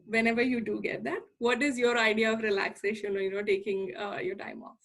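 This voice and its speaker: A woman's voice: fairly high pitch, steady tone, a little fast, a bit bright. A woman hosting an interview show over a video call, upbeat and encouraging as she introduces segments and asks questions. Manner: upbeat, encouraging, many you-knows. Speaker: podcast host.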